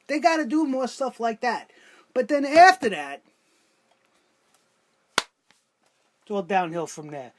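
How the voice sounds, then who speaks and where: A man hosting a wrestling review show, ranting with exasperated rhetorical questions, sarcasm and swearing. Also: very high-pitched. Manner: profane.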